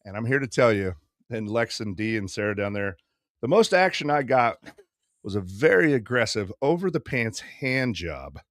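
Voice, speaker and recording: A man in his fifties, co-hosting a podcast and telling a long story casually, profane and quick to act out other people. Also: lowish voice, no room sound, clean studio sound. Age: 50s. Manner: profane, animated storyteller doing quick voices. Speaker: podcast co-host.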